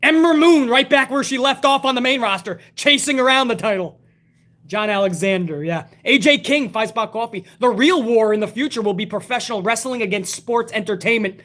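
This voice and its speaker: A man's voice: very high voice, fairly quick. A man hosting a live wrestling talk stream, reading chat messages aloud and ranting bluntly with lots of swearing. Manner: blunt, profane, animated rants. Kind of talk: casual live-stream commentary.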